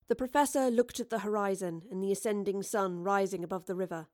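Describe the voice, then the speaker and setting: A woman narrating a novel as an audiobook, reading in a steady, measured way. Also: medium pitch, dry recording, clean studio sound. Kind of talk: scripted narration.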